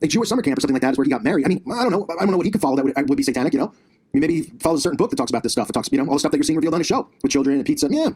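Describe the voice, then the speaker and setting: A man's voice: a little high, animated, rapid-fire, darkish tone, breathy edge. A man hosting his own commentary channel, ranting combatively and sarcastically, recorded on a laptop in his basement. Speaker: conspiracy commentary channel host. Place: home basement.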